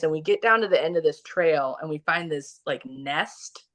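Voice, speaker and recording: A woman from Missouri telling a personal story as a podcast guest, animated and full of "like" fillers. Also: lowish voice, moderate pace. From Kansas City, Missouri. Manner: animated, many "like" fillers, laughs often. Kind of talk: casual storytelling interview.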